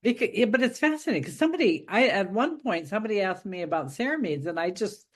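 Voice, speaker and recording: A woman's voice: medium pitch, expressive, quick pace. Musing woman host thinking aloud. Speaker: host and author. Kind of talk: casual conversation.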